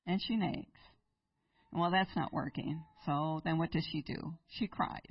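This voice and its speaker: A woman's voice: low-pitched, fairly even intonation, moderate pace, slightly rough, dry recording, recorded from a distance, dull audio. A woman preaching in church, retelling a Bible story and asking her listeners rhetorical questions. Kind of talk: sermon.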